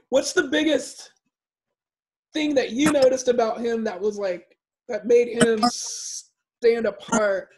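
A male podcast host asking eager, admiring interview questions. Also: extremely high pitch.

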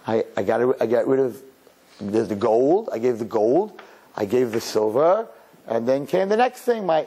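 Husky-voiced rabbi telling a story. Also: male voice, mid-range voice. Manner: animated storytelling with laughs and self-quotes. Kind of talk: sermon.

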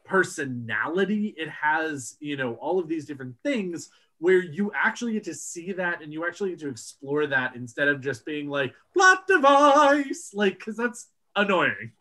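A man's voice: fairly high pitch, animated, normal speed, hardly any pauses, pushed and bright. A man co-hosting a casual podcast, explaining ideas at length and swearing when amused. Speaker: podcast co-host. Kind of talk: casual chat.

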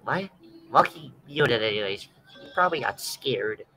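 Young woman, gaming streamer, bright voice, swings up and down in pitch, excitable. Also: normal speed, a little hiss or hum, poor audio. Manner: bursts of squealing excitement and laughter. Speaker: streamer playing a card game.

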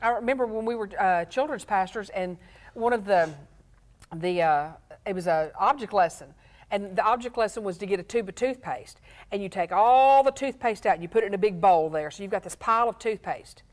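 A woman's voice: medium pitch, lively intonation, brisk. A woman co-hosting a talk on marriage as a pastor, explaining earnestly with everyday examples. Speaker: pastor and show co-host. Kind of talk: casual teaching talk on marriage.

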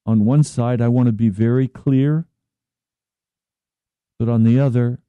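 A man preaching a slow, earnest radio sermon as pastor, at times pleading in prayer. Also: mid-range voice, steady tone, smooth, no echo, phone-quality sound.

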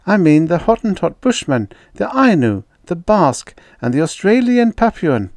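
A man's voice: high voice, sing-song, moderate pace, a little mellow, no echo, pitched above the performer's own voice. Man doing a snappy frustrated lady scientist, voice pushed way up, dry sound. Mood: pressing. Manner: raised, snappish. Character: frustrated woman linguist, sharp-tongued.

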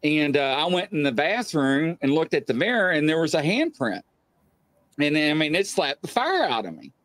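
Lively man telling a ghost story. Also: fairly high pitch, normal speed, no room sound. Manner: animated, acts out quotes loudly. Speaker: guest telling paranormal experiences. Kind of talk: casual storytelling.

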